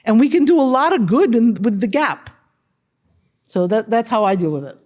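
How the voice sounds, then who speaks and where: A woman scholar speaking on a panel discussion about translation, animated and emphatic, often tagging her points with questions. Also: a little high, normal speed.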